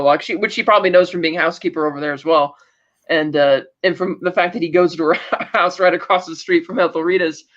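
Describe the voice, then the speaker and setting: A man with a fairly high voice talks through a show's plot in an easygoing, rambling way. He paraphrases the characters' lines and brushes past details with "blah, blah, blah." The audio is dull and slightly lo-fi. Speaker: podcast co-host. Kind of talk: casual chat recapping a TV episode.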